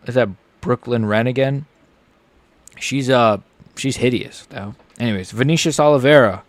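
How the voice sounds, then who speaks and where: Man, live fight reaction streamer, excitable, joking, mid-pitched voice. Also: moderate pace, no room sound. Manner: excitable, joking, blurts out swearing.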